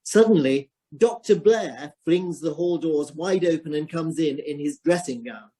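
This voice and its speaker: Husky male stage-direction reader. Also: on the high side, a little slow, warm tone. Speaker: narrator reading stage directions.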